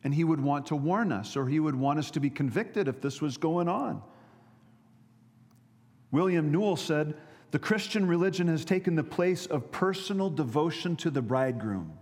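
A man's voice: a little high, darkish tone, in a large hall. A man preaching a sermon as pastor, earnest, often repeating and restarting his words.

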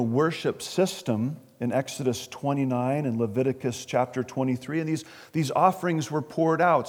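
A man's voice: mid-range voice, darkish tone. A man preaching an expository sermon, earnest, often repeating words as he stresses a point. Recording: long reverb of a large hall.

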